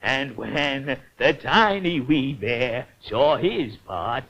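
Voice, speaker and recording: A man's voice: medium pitch, animated, extremely slow, fairly bright tone. A man narrating a fairy tale in an old cartoon, in a lilting storyteller manner. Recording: dull old cartoon soundtrack with faint hiss.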